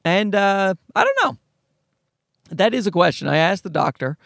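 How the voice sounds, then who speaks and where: A man's voice: high voice, a little fast, creaky, dry recording, clean studio sound. A man performing a profane stand-up comedy monologue, telling a story and acting out other people's lines. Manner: profane, animated storytelling with voiced asides.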